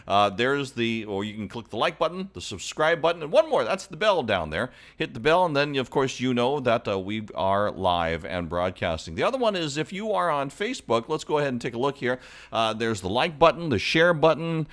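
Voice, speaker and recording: A man's voice: medium pitch, big pitch swings, a little fast, a bit bright. A man hosting a casual live entertainment stream, upbeat and chatty as he greets viewers by name. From Hawaii.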